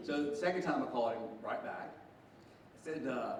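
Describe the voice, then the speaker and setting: A man's voice: medium pitch, normal speed, a little hiss or hum. A man in his sixties with a Southern US accent, giving a speech to a group as a state official. He tells stories in a folksy, joking way. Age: 60s. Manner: folksy storyteller, joking, chuckling. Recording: echoey room from far off.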